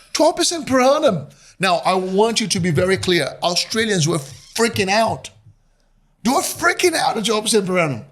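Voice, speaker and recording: Brazilian guy in his 50s, portuguese accent, telling stories and doing voices, kinda high voice. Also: moderate pace. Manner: animated storyteller who acts out voices. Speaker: guest investor. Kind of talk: storytelling interview.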